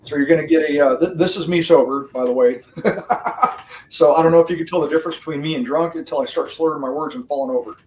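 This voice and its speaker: Talking fast in a voice on the high side, this man hosts a livestream and chats casually with his viewers, rambling, laughing a lot and cursing nonstop. He sits far from the mic in a roomy space, with a little hiss or hum.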